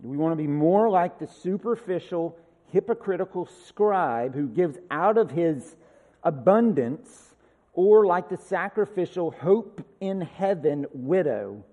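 A man delivers a sermon with a slightly higher-pitched voice. He talks conversationally, tossing in asides and rhetorical questions. His voice rings out with a long reverb, as in a large hall. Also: lively intonation, unhurried, narrow, tinny audio. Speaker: pastor.

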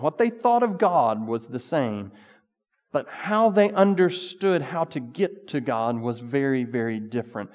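A man's voice: on the high side, a little mellow, in a large hall. A male pastor giving a casual, conversational sermon with bursts of emphasis.

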